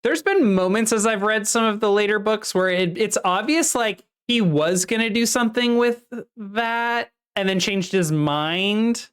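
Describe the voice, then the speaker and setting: A woman co-hosting a casual book-discussion podcast, recapping the plot at length in a lively way. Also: medium pitch, a little slow, few pauses, clean tone. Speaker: podcast co-host.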